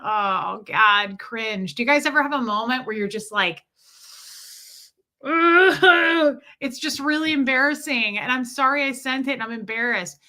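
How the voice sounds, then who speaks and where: A woman's voice: medium pitch, sharp tone. A woman hosting a casual livestream, greeting viewers by name in a chatty, self-deprecating way while nursing a headache. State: has a headache. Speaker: livestream host.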